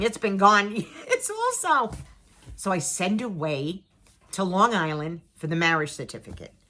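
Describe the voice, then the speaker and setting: A middle-aged woman telling a personal story to her viewers in a casual, dramatic way, acting out what people said and repeating words for emphasis. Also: on the low side. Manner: animated, dramatic, acts out her own and others' lines.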